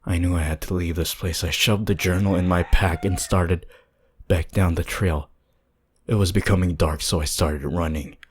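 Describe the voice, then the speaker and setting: A man narrating a horror story in a hushed, tense, deliberate way. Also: low-pitched, steady tone, slight background noise.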